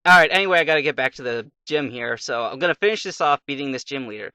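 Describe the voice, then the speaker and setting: A man's voice: fairly high pitch, fast, hardly any pauses, pushed and bright, dry recording. A young man casually commenting on his gameplay, rambling through a fairy tale between moves and muttering to himself. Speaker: let's play commentator.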